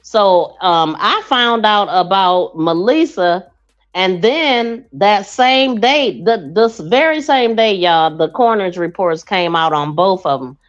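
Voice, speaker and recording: A woman's voice: medium pitch, expressive, slow pace. A woman hosting a true crime livestream podcast, chatting casually with her listeners. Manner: chatty, addresses listeners as y'all. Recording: dull lo-fi stream audio.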